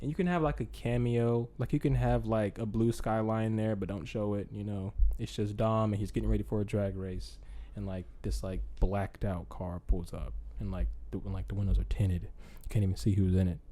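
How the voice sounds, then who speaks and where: A man's voice: lowish voice, level tone, normal speed, mellow. A young man hosting a podcast, telling a movie idea in a rambling, casual way with lots of fillers and acted-out lines. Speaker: podcast host. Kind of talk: casual chat.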